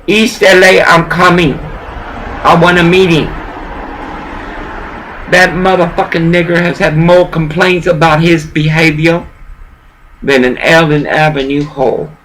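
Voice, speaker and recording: A woman's voice: on the low side, fairly even intonation, unhurried, pauses often, fairly bright tone, a little hiss or hum, rough recording. An older woman delivering a rambling, profane vlog rant, dropping in Spanish words here and there.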